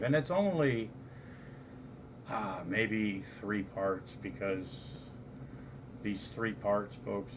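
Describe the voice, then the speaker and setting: Slow drawling commentary man. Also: fairly low pitch. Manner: drawling, says "folks" often. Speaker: commentary host. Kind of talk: casual commentary. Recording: noisy background.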